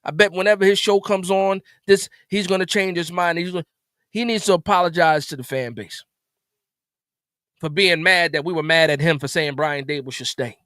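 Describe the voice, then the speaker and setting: Agitated stammering man, fairly high voice. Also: normal speed, a bit bright, no echo, studio quality. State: upset. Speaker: sports stream host. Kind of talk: live post-game reaction stream.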